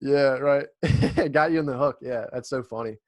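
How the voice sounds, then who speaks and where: A man's voice: mid-range voice, normal speed, dry recording. Laid-back young man hosting, dry sound. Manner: laid-back, profane, laughs often. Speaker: podcast host. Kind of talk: casual chat.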